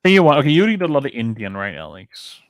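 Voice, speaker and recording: A man's voice: mid-range voice, wildly swooping pitch, fast talker, no echo. A man with a Danish accent, a podcast co-host chatting casually in a rambling, chatty way with casual swearing. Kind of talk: casual chat.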